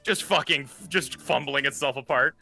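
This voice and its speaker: Frantic gamer guy, panting and cursing, bright swinging voice, light music under. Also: medium pitch, normal speed, vocal fry. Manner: frantic, swearing, breathless excitement. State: out of breath. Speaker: player. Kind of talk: live-streamed tabletop game.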